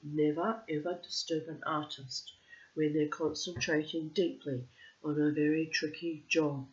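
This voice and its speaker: A woman's voice: sits low, little pitch movement, a little slow, a little mellow. A woman telling a story aloud, with chatty, self-mocking personal asides. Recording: dull lo-fi recording.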